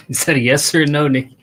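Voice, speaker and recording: A man hosting a music review stream, chatting casually and teasing his guest while stalling with repeated pauses. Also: a little high, a bit bright. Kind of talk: casual chat.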